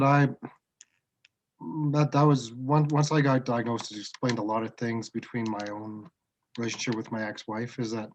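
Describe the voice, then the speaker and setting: A man's voice: mid-range voice, poor audio. A middle-aged man from Canada talking frankly and reflectively about his diagnosis, often restarting his sentences. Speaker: guest sharing his autism diagnosis. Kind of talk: casual conversation.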